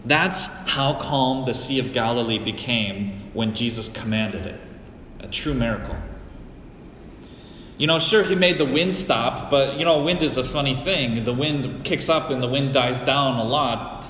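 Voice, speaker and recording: A middle-aged man from the US Great Lakes region preaches a sermon, taking his time over every phrase. His storytelling is deliberate, and he weaves in anecdotes from his own life. His voice rings out in a roomy hall with a long reverb tail, over a faint hum of background noise. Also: mid-range voice, fairly bright tone. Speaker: pastor.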